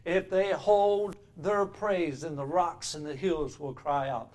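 A man preaching who voices a calm, solemn male teacher in a slow, hushed way. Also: on the high side, pitched below the performer's own voice.

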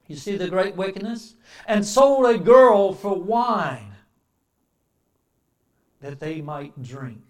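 A man preaching a sermon, swinging between loud emphatic declarations and quiet, reflective passages. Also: sits high, lively intonation, slow, long pauses.

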